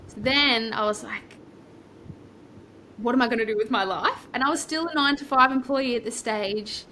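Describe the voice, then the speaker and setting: Young Australian woman, property-coach guest: chatty, rambling storyteller with a bright voice and faint noise. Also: a little high, normal speed. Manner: chatty, rambling, lively asides. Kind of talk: casual storytelling interview.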